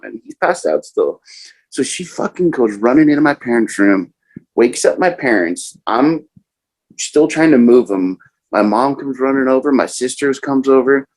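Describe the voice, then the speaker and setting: A young man casually telling a profane personal story, animated and acting out other people's lines. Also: medium pitch, moderate pace, poor audio. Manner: profane, animated, quotes others in raised voices.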